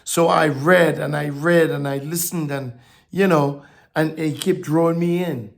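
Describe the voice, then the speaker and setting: Delivering a sermon slowly and deliberately, this male preacher has a fairly high, gravelly voice and a steady tone. He stumbles and repeats words, builds to emphatic declarations, then drops back to speaking softly.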